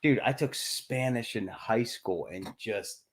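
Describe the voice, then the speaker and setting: A young adult man with an eastern Pennsylvania accent, co-hosting a casual chat over whiskey, animated and self-mocking with casual swearing. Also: medium pitch, slow pace. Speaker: co-host.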